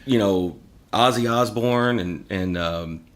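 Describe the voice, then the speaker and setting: A man's voice: fairly low pitch, slow pace. A man guest on a podcast, telling rambling, profane stories in casual chat. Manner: rambling, profane, animated storyteller.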